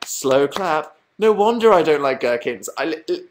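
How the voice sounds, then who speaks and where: A man's voice: fairly high pitch, animated, moderate pace, hardly any pauses. Rambling young man livestreaming. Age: young adult. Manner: rambling, self-mocking, reads chat aloud. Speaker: livestream host. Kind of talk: casual livestream chat.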